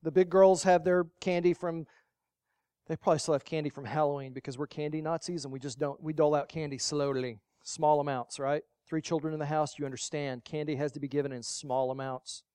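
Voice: steady tone, a little fast, clear, resonant tone, dry recording, clean studio sound. Preacher with big dynamic swings. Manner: swings between loud emphatic lines and quiet, low asides; rhetorical, repeats key phrases for emphasis. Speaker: pastor. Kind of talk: sermon.

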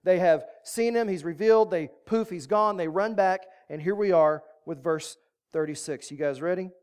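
Relaxed, joking preacher who teaches from scripture in a chatty way. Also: medium pitch, normal speed, clean tone. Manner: casual, joking, conversational. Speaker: pastor. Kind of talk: sermon with Bible reading.

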